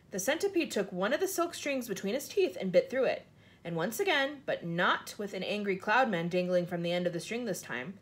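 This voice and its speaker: Lively husky woman reading a storybook. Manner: lively, lifts her pitch high for character lines. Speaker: reader of a children's book.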